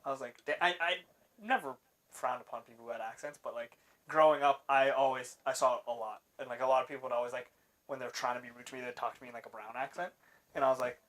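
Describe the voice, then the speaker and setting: A man's voice: mid-range voice, steady tone, quick pace, fairly bright tone. A man co-hosting a podcast, chatting casually with provocative questions and frequent laughter. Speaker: podcast co-host. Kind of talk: casual chat.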